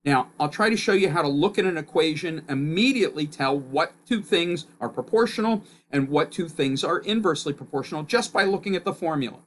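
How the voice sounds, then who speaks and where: A man teaching a recorded physics course in a loud, emphatic explaining voice, his pitch jumping up on key points. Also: animated, a little fast, few pauses. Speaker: physics instructor.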